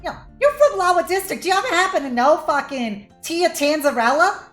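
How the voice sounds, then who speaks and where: A woman's voice: very high voice, expressive, brisk, fairly bright tone, roomy sound, soft background music, voice pushed up. Woman doing a crude swaggering street rogue. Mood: excited. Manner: brash, swears constantly, slangy. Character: crude fast-talking male street rogue.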